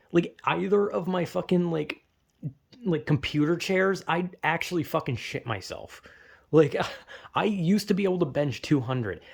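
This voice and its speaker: A young man talks through a rambling, self-deprecating monologue, cursing freely and circling back with fillers. His voice sits slightly high and carries a gravelly rasp. He sounds close to the mic. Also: darkish tone. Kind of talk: casual self-reflective monologue.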